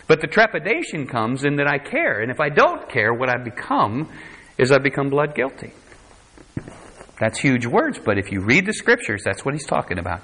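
Man preaching, animated pitch, conversational, scripture quotes acted out. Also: moderate pace, slightly rough. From United States. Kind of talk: sermon.

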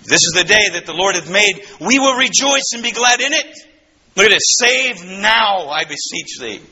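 A man preaching a sermon, swinging between soaring exclamations and hushed low asides. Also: lively intonation, normal speed, slightly rough. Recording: slightly dull, faintly noisy recording.

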